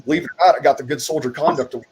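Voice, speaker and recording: A man, a military veteran and podcast co-host, telling army stories in casual chat, swearing constantly and loudly mimicking officers. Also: on the high side, racing, a little hiss or hum, rough recording. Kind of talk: casual profane storytelling.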